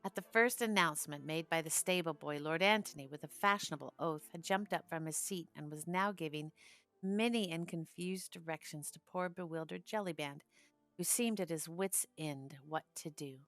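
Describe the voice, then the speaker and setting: A woman narrating a classic novel as an audiobook in a measured storytelling manner. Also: low-pitched, fairly bright tone, faint music behind.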